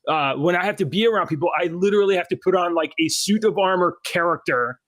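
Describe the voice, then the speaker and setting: A man co-hosting a casual podcast, his voice sitting a little high. He rambles, restarts his sentences and laughs often. The sound is dry and close, with no room around it. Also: fast, a bit bright, no echo. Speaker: podcast co-host. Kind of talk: casual chat.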